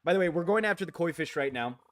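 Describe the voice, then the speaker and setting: A male game streamer with a slightly high, bright, animated voice talks fast during a casual late-night gaming stream. He rambles and restarts sentences, grumbles and swears at the game, and reads viewer comments aloud to answer them.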